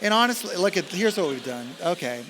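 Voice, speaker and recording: A young man preaches with a bright, forceful voice pitched a little high. He gets animated and keeps drifting into jokes and off-script asides. His stage mic carries a long reverb through a large church hall. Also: fairly quick, slight background noise. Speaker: college ministry director. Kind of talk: sermon.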